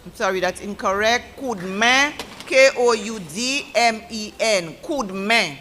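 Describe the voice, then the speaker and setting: Spelling bee judge, measured delivery, bright tone. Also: medium pitch, slight background noise. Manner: measured, formal, corrects spellers letter by letter. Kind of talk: slow, deliberate word pronouncing and spelling.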